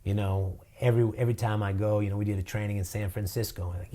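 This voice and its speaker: A man talks earnestly about his work and his town, his voice low and warm. He speaks from the heart and fills his thoughts with easygoing "you know"s. The tone is sincere and personal, like a nonprofit leader being interviewed. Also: steady tone, quick pace, few pauses. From Boston, USA. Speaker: nonprofit director. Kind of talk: interview answers.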